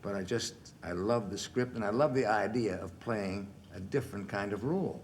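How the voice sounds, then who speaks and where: A man's voice: on the low side, moderate pace. Guy in his 60s spinning funny stories on a tv talk show, laughs a lot, slight background hiss. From United States. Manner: animated anecdotes, laughing through punchlines. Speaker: guest actor. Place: television studio.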